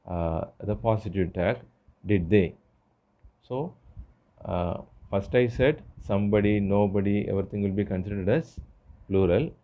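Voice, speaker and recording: A man teaching an English grammar lesson, explaining step by step with frequent pauses and fillers. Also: on the low side, narrow, tinny audio. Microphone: phone screen recorder.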